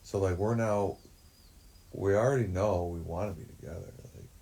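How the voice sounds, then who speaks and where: A man's voice: sits low, normal speed, warm tone, husky. A man talking in a rambling, profane way, full of fillers, in a livestream monologue. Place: forest shack.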